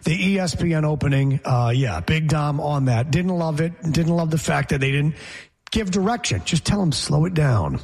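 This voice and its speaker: A man's voice: on the high side, moderate pace, a little mellow. A man hosting a casual sports talk show, chatty, sometimes mimicking an announcer's delivery. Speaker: host.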